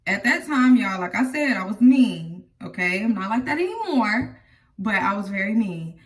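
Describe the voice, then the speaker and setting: A woman chats through a personal story to camera, often addressing her viewers directly. Her voice sits in a middle pitch and is picked up from a little way off the mic. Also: sing-song, normal speed, far from the mic. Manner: chatty, talks straight to viewers. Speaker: vlogger telling her life story.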